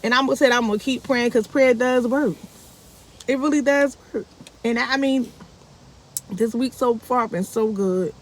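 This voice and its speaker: Woman vlogger, casual storytelling, animated quoted voices, fairly high voice. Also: normal speed, long pauses. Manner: animated, acts out quoted speech with big pitch jumps.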